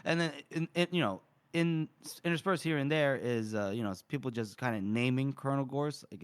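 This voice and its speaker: A man's voice: mid-range voice, fairly quick, smooth. A man co-hosting a podcast, recapping a book in a rambling, casual way with frequent laughs. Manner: rambling, laughs often, many fillers. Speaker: podcast co-host.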